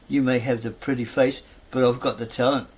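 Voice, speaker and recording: A man's voice: medium pitch, level tone, a little fast, breathy edge, close to an everyday voice. A man reading the lines of a scornful young actress who sneers at her rival. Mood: sneering. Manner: indignant, accusing.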